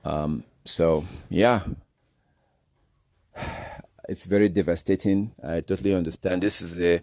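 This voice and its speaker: A man's voice: low voice, unhurried, pauses often, darkish tone, dry recording, clean studio sound. A man giving an informal sermon as a bible teacher, blunt and exhorting, often repeating himself.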